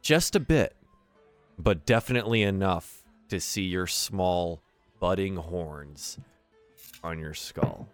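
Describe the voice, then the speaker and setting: A man narrating a tabletop role-playing game as game master, in a relaxed, chatty manner full of fillers. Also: low voice, takes it slowly, pauses often, clear, resonant tone, no echo, soft background music.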